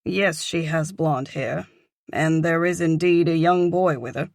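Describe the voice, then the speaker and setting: A polite male hotel concierge, voiced by a woman, formal and courteous at the front desk of a storybook building. He speaks slowly, in a measured way. The sound is close and dry. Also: low-pitched, a little mellow, no echo.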